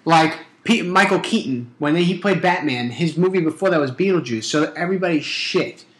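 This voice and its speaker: A man's voice: fairly high pitch, moderate pace, roomy sound. A man in casual chat, rambling and swearing often as he makes his points. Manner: profane, rambling, animated.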